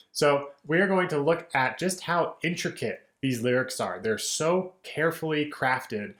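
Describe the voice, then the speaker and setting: A man's voice: mid-range voice, echoey room. Male music teacher, casual and explanatory, mid-range voice, speaks lyrics in rhythm. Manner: relaxed, explanatory, says "right?" and "kind of" often, speaks lyrics in rhythm. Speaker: music educator.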